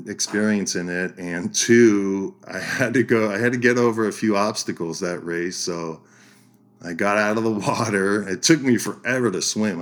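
A man with a fairly low voice, a podcast guest telling a story in a casual, animated way. He keeps laughing as he talks. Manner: animated storyteller, laughs through his lines.

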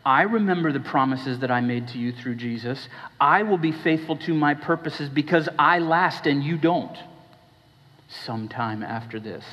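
Pastor preaching in an echoing hall. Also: male voice, medium pitch. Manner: conversational, questioning the congregation, shifting between hushed and raised. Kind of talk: sermon. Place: church hall. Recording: dull recording with long hall reverb.

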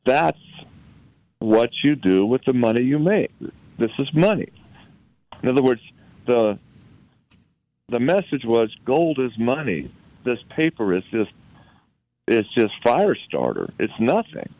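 A man from Utah, a guest recounting a personal story in conversation, halting and often repeating words as he recalls events. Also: medium pitch, very animated, no room sound, dull audio.

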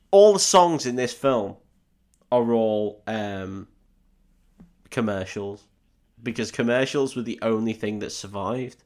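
Drunk male co-host, low voice, rambling sweary retelling. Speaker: podcast co-host recapping a film. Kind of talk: casual drunken film recap chat.

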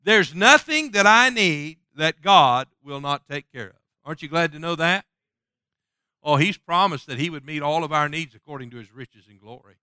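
A man preaching a sermon who swings from loud, ringing passages to soft, hushed appeals and quotes scripture in old-fashioned wording. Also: on the high side, lively intonation, normal speed, clear, resonant tone, no echo, studio quality. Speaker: pastor.

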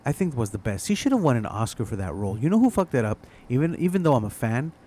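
Man, casual chat, relaxed, swears often, trails off. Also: medium pitch, fast talker.

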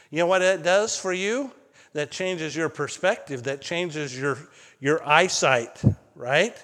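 A man preaching a sermon as pastor, telling stories in an animated way that climbs high when excited. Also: unhurried. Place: church sanctuary. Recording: long hall reverb.

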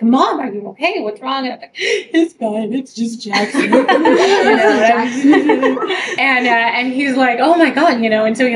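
Chatty laughing woman, far from the mic. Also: mid-range voice. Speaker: author answering fan questions. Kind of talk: casual group interview. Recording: far from the mic with clear background noise.

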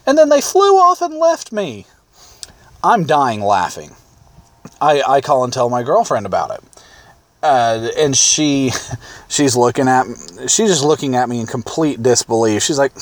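Guy rambling through a goofy story, chuckling, mid pitch, dry close sound. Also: very animated, normal speed, no echo. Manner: rambling and self-amused, with many restarts and chuckles. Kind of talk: casual storytelling.

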